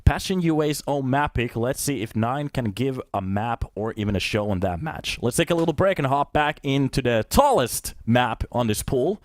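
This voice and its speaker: A man's voice: medium pitch, normal speed, few pauses, no room sound, studio quality. Man casting a live esports match. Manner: chatty, answers viewer chat between play calls; breaks into loud excited shouts on big plays. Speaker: esports caster. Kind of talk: solo live game commentary. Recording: streamed commentary with steady background noise.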